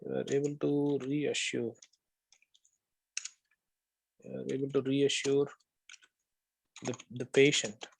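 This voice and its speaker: A man's voice: mid-range voice, a little mellow, slight background noise. Man giving patient corrective feedback. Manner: corrective, repeats phrases, frequent "okay?" checks. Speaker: OET tutor. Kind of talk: spoken feedback on a student's role play.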